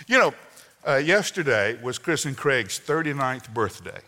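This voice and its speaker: A man in his sixties preaching a sermon, telling folksy family stories with sudden loud outbursts and soft asides. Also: medium pitch, big pitch swings, unhurried. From Southern United States. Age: 60s. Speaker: pastor. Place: church sanctuary. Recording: long hall reverb.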